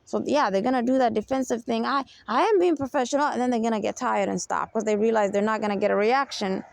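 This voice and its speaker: Gravelly, emphatic woman giving advice. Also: fairly high pitch, steady tone, quick pace, no echo. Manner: emphatic, keeps asking "you get me?". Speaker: self-help speaker. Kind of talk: unscripted advice monologue.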